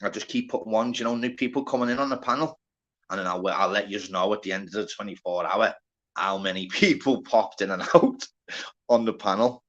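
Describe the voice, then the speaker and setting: A man's voice: fairly low pitch, a little fast, fairly bright tone, dull audio. A man with a Liverpool accent hosting a casual live stream, chatty and sweary, greeting viewers by name. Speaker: livestream host.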